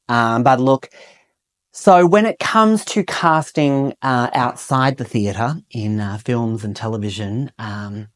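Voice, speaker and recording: A man's voice: medium pitch, close to an everyday voice. A man playing a pompous, theatrical drama teacher, giving a comic lesson full of ums. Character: pompous self-important male drama teacher. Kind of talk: comic podcast monologue.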